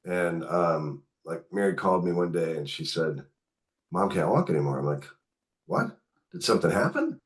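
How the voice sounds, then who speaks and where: Deep-voiced man telling a family story. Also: normal speed. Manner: candid, animated retelling with quoted dialogue. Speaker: podcast guest, author and caregiver. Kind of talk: conversational storytelling.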